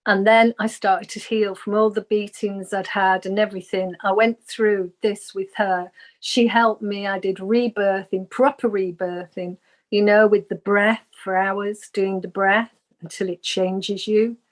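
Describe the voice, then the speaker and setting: A woman's voice: medium pitch, steady tone, unhurried. A woman, a guest on an interview show, earnestly telling a personal spiritual story and acting out the voices she quotes.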